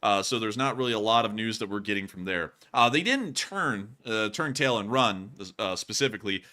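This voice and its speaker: A man with a bright, forceful voice hosts a casual livestream news commentary. He talks emphatically and with animation, and he breaks into laughter often. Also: fairly low pitch, animated, moderate pace. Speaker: host.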